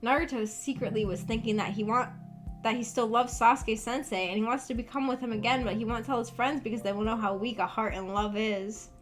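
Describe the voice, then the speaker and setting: A woman's voice: fairly high pitch, steady tone, a little fast, soft background music. A woman streamer doing a dramatic reading of a story, with amused comic asides and frequent laughter.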